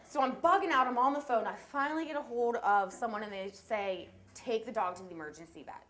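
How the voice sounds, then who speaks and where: A young woman telling a true story at a live story slam, animated and breathless, laughing as she goes. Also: sits high, fast, hardly any pauses. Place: live event stage.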